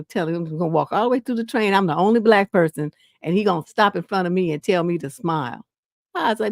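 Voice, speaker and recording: A woman tells stories on a livestream, blunt and profane with a gravelly edge. Her voice sits close and dry, with no room around it. She talks in a lively, animated way. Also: mid-range voice, no echo. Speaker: relationship coach, live stream host. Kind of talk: casual livestream storytelling.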